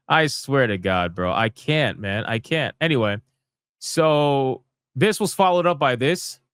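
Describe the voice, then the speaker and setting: A man's voice: medium pitch, expressive, takes it slowly, long pauses, a bit bright, clean tone, dry recording, studio quality. A young man hosting a live gaming commentary stream, ranting in a heated, profane, exasperated way.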